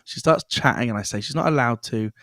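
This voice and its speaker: A man in casual podcast chat, telling comedy stories in an animated way and laughing through his punchlines. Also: mid-range voice, quick pace, dry recording, studio quality.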